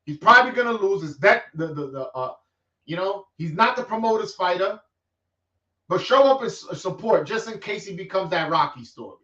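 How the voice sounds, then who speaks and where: Fields: Sex: man. Style: animated street-talk boxing chat. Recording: roomy, distant, lo-fi. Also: high-pitched, moderate pace. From New York. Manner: animated, streetwise slang, frequent restarts. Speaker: boxing vlogger host. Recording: roomy, distant, dull lo-fi sound.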